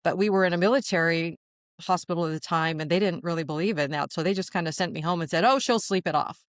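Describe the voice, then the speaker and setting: Woman in her 60s, chatty storyteller, smooth clear voice, dry close sound. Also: on the low side, fairly even intonation, quick pace, no room sound. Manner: chatty, laughs often, many fillers. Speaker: guest channeler. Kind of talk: storytelling in a podcast interview.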